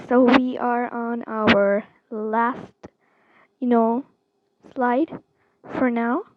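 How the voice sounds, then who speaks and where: A woman giving a casual online lesson, going through each letter slowly and saying every sound several times, with many fillers like "um" and "you know". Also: high voice, lo-fi sound. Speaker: language teacher.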